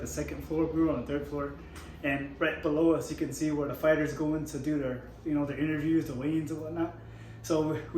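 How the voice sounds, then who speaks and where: A hoarse man hosting his own channel, telling an excited, rambling story with lots of restarts. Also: on the high side, a little hiss or hum. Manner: rambling with frequent restarts, hyped. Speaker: YouTube MMA channel host. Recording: echoey room with faint ambience.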